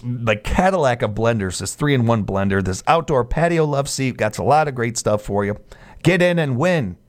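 Chatty Midwestern sports radio host. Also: male voice, mid-range voice. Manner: chatty, jokey asides, frequent restarts. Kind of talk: casual radio talk.

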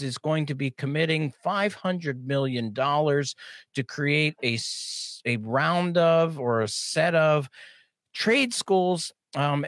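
A man co-hosting a podcast in casual chat, animated, laughing often and tripping over repeated words. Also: a little high, dry recording. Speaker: podcast co-host.

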